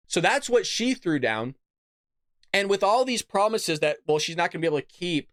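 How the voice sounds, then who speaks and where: A man's voice: sits high, animated, moderate pace, fairly bright tone, no room sound, studio quality. Sarcastic man hosting a commentary podcast. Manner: sarcastic, mocking, chatty. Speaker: podcast host. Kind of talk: political commentary.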